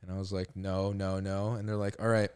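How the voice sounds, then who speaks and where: A young man telling a long story in a casual podcast chat, relaxed, swearing and saying "like" often. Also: deep voice, brisk, smooth. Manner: laid-back, swearing, heavy use of "like". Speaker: podcast co-host.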